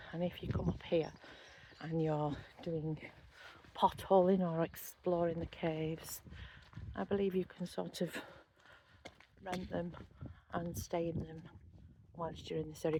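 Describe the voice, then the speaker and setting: A middle-aged woman with a fairly low voice chats casually in a walking vlog, showing off a spot like a tour guide, with lots of ums and easy asides. Background noise can be heard.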